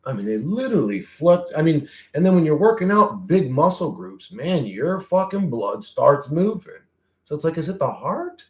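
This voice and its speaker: A man with a slightly high, sing-song voice chats at a moderate pace on a livestream, with roomy echo in the recording. He reads chat out loud, laughs frequently, swears freely, and bounces between topics.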